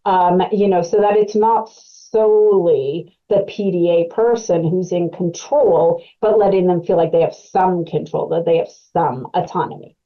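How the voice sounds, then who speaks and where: A woman's voice: fairly low pitch, unhurried, few pauses, highs cut off. A woman presenting an educational webcast as a clinical specialist, explaining in a conversational way with frequent fillers.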